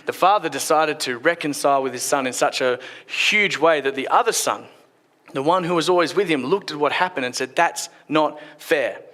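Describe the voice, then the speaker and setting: A man giving a short church sermon, retelling a story and dropping his voice softly at key points. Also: on the high side, a little fast. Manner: retells the story with acted quotes, drops softer at key points. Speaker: preacher.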